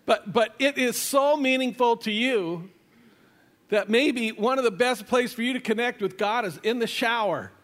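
A man with a notably high voice delivers a sermon. He talks conversationally and playfully, breaking into asides and restarting his sentences. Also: normal speed, fairly bright tone. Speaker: pastor.

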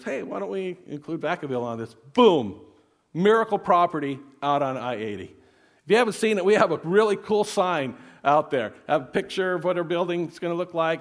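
Pastor guy preaching, kinda high voice, earnest storytelling, goes soft and hushed a lot. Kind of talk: sermon.

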